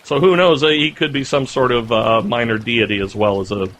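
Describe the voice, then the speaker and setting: A man's voice: medium pitch, a little fast, a little hiss or hum. Chatty man telling a story. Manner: animated storyteller, chatty with fillers. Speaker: podcast co-host. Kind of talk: casual chat.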